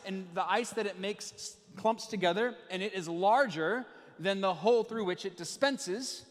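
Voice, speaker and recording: A man's voice: high-pitched, fairly bright tone. A man in his thirties, a pastor giving a sermon to a live congregation, telling family stories with playful asides. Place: church sanctuary with live congregation. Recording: long hall reverb.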